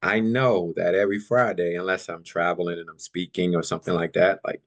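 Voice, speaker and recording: A man, a podcast guest, telling stories in a casual, animated way, often filling in with "you know" and "like", and laughing easily. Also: low voice, fairly quick. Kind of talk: casual storytelling chat.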